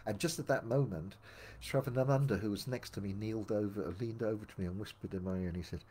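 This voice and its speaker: An older man telling his memoir aloud, meandering with many restarts and dropping quieter for asides. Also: brisk, breathy edge. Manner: meandering, full of restarts, drops low for asides. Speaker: memoir narrator. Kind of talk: rambling spoken memoir storytelling.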